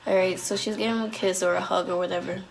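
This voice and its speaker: A woman telling a personal story on her vlog in an animated, slangy way, full of "like"s and restarts. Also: mid-range voice, fast talker, slight background noise. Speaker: vlogger.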